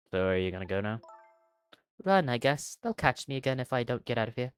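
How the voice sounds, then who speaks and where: A streamer performs a game's dialogue aloud, with an animated pitch that swings all over. Between lines come quick jokes and swearing. Faint music plays behind the voice. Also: clear, resonant tone, no room sound. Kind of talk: playing a game and voicing its dialogue aloud.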